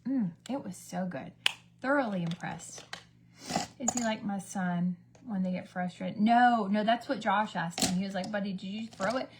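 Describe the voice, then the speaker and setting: Against a noisy background, a woman with a mid-range voice talks at a moderate pace while doing her makeup on a livestream. This beauty vlogger's get-ready-with-me chat rambles from story to story, with occasional whispers.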